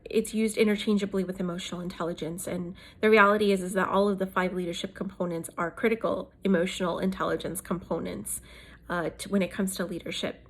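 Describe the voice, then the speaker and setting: A woman's voice: lowish voice, steady tone, quick pace, breathy edge. A woman in her thirties, from South Asia, talking casually about leadership in a thoughtful way, with many fillers and restarts. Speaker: host.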